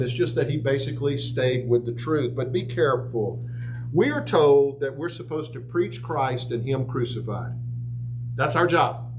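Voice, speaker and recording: A man preaching a sermon in a church, animated and folksy, acting out crowd voices with big jumps in his voice. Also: medium pitch, noisy background. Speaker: pastor.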